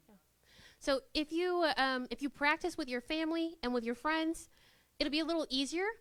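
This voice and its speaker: A young workshop presenter with a high-pitched voice teaches students live in a university classroom. Playful and animated, she acts out scenes by putting on quoted voices, and the sound is close and dry, nearly free of room echo.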